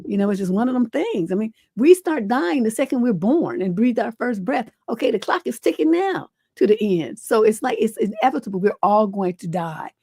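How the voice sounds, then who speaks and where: A woman's voice: fairly high pitch, lively intonation, normal speed, hardly any pauses, darkish tone, slightly rough, no room sound, studio quality. A middle-aged woman hosting a livestream advice show, reading a viewer's letter and then giving frank, folksy advice. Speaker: relationship advice host.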